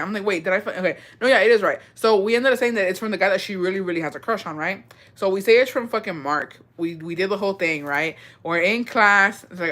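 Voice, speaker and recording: A woman's voice: on the low side, a bit bright. A woman in her thirties telling a gossipy, profane childhood story, dropping Spanish phrases into her talk. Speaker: storytime vlogger. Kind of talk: casual storytelling.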